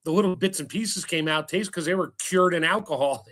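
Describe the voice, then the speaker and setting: A man on a casual panel tells joking stories in a blunt, offhand way. His voice sits a little high for a man. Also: normal speed, bright, forceful tone.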